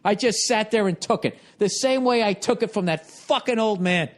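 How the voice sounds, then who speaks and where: A middle-aged man with a Boston accent, fired up and profane on stage. His voice sits high for a man and leaps even higher whenever he acts out his own outrage. The delivery is a stand-up comedy rant. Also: normal speed. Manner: profane, exasperated storytelling with sudden high-pitched outbursts.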